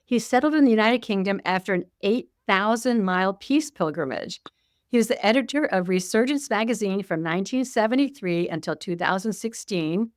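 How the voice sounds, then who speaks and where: A woman's voice: medium pitch, lively intonation, normal speed, no echo, clean studio sound. A woman hosting an interview, introducing her guest with enthusiasm. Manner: warm-hearted, enthusiastic. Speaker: host.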